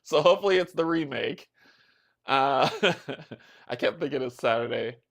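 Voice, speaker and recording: A man's voice: medium pitch, animated, moderate pace, vocal fry. A man who calls himself old, chatting casually as a host with viewers, greeting them by name. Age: older. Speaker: streamer host. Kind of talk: casual chat with live viewers.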